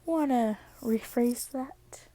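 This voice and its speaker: A stern, suspicious mother, as a woman narrator puts her on in a homemade fan story. She speaks slowly in a mellow, dry voice. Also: a little high, no room sound. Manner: stern, questioning.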